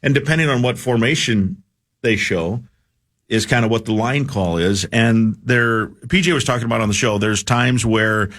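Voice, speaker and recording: A man's voice: mid-range voice, moderate pace, a bit bright. Middle-aged man in rambling radio chat. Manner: rambling, restarts often while telling a story. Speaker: sports radio broadcaster. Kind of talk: casual sports radio chat.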